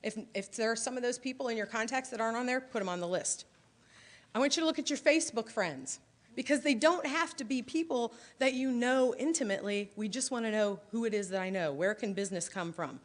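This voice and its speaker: A middle-aged woman from Illinois giving a lively, chatty training talk to her sales team, acting out bits of dialogue. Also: fairly high pitch, brisk.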